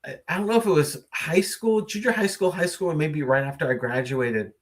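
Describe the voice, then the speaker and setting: A man with a fairly high voice, talking a little fast, hosts a casual late-night live stream. He muses at length with many fillers, greeting viewers and reading their comments aloud.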